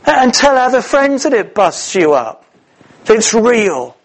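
A middle-aged man preaching a sermon, telling the story in a lively way with many "uh"s and restarts. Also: extremely high pitch, a little slow, rough recording. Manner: animated storytelling with many fillers.

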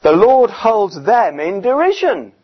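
A man preaching a sermon in a conversational, emphatic way, often pausing with fillers. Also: high voice, big pitch swings. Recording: dull, muffled recording.

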